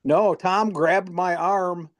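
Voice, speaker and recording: A man, a former teammate, recalling school memories in a hesitant, halting way. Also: high-pitched, steady tone. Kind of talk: casual reminiscing.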